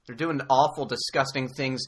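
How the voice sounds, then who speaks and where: A man's voice: mid-range voice, steady tone. A man co-hosting an improvised comedy podcast, stammering through mock arguments full of restarts and filler. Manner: stammering, halting with many restarts. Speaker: podcast co-host in mock debate.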